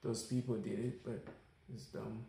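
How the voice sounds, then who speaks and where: Flat-voiced man podcast co-host. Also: lowish voice, measured pace, vocal fry. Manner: flat, matter-of-fact with frequent "um". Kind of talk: casual chat. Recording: echoey room with faint noise.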